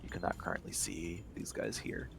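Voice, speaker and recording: Gravelly low-voiced game master. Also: male voice, wildly swooping pitch, normal speed, music in the background. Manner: upbeat, laughs often. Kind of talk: running a tabletop game.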